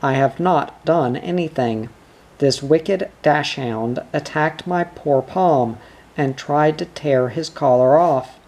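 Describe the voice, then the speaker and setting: Reader doing a fat bully guy in a storybook, blustery and scolding, slow talker. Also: mid-range voice, darkish tone. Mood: defensive. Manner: scolding, bellowing, later stammering.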